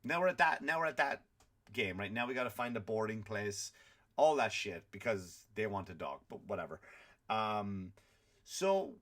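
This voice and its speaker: A man's voice: on the low side, expressive, normal speed, a bit bright. Profane ranting male comedian. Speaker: podcast host and comedian. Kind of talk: comedic rant.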